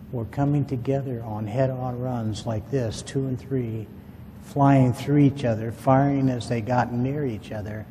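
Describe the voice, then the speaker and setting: A man with a dark, mellow voice spins a rambling, folksy anecdote for a small group. His voice carries a long echo, as if the room is large, with a faint hiss underneath. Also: medium pitch. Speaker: UFO witness telling his story. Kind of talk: casual spoken storytelling to a group.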